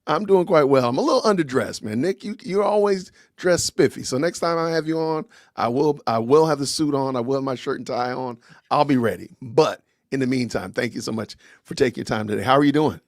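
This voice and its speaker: A man's voice: medium pitch, fairly quick, no echo, clean studio sound. Upbeat chatty male podcast host. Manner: upbeat, chatty, shout-outs to viewers. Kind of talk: casual livestream interview.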